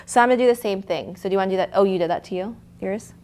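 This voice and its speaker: A woman's voice: medium pitch, racing, a little mellow. A woman leading a live lettering lesson, chatty and encouraging, with fillers and restarts. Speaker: art instructor.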